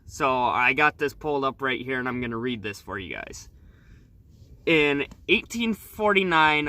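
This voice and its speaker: A man talking casually as a travel vlogger, relaxed and rambling with fillers, on a new microphone. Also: mid-range voice. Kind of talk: casual vlog review.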